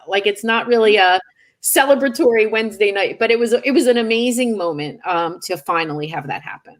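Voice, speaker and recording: A woman's voice: medium pitch, fairly quick. A middle-aged woman author being interviewed, candid and self-deprecating as she tells anecdotes. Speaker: author guest. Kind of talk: casual interview chat.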